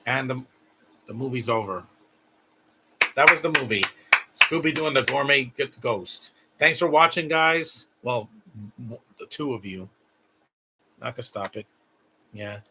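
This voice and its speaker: A young man with a bright, forceful voice hosts a casual watch-along stream. He rambles and restarts his sentences as he reacts, and a faint hiss of noise sits under the recording. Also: mid-range voice, measured pace, long pauses. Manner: chatty, rambling, frequent restarts. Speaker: live stream host.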